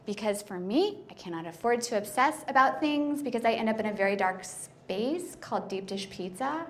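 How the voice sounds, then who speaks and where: A woman on a club stage spinning a stand-up story about herself, loose and self-mocking, with "like" all through her lines. Her voice sits a little high. A faint hiss runs under the room. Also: expressive, normal speed, hardly any pauses. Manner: chatty, self-deprecating, peppered with "like". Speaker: stand-up comedian.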